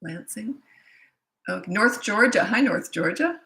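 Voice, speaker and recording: A woman's voice: mid-range voice, animated, slow pace, gravelly, pushed and bright, rough recording. A middle-aged woman who works as a parenting coach chats casually on a livestream, greeting viewers by name and place with jokey asides.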